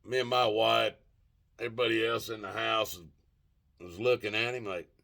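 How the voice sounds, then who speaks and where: Older male vlogger, slightly low voice, loose cussing storyteller who keeps losing his train of thought. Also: steady tone, moderate pace, vocal fry, pushed and bright. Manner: rambling, profane, gropes for words with many fillers. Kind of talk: casual storytelling monologue.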